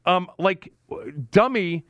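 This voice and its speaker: A man co-hosting a sports talk show, ranting and mocking in an opinionated, animated way. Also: sits high, slow pace, clean tone, dry recording. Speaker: sports radio co-host.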